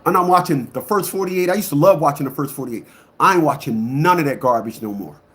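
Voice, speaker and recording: This man, an online commentator, talks bluntly and emphatically to a live crowd at a quick pace. He keeps repeating himself, his volume flipping from loud outbursts to low mutters.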